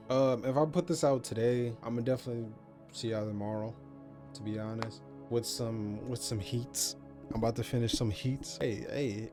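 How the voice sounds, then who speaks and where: A man talking through a game in a loose, rambling, slang-heavy way, swearing freely. His voice sits at an everyday middle pitch. Faint music plays quietly underneath. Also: a little fast. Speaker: gaming YouTuber. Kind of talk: casual game review vlog.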